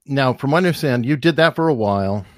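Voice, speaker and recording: A man's voice: mid-range voice, animated, fast talker, dry recording, studio quality. A man interviewing a guest with short, probing questions. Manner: brief questions and backchannel.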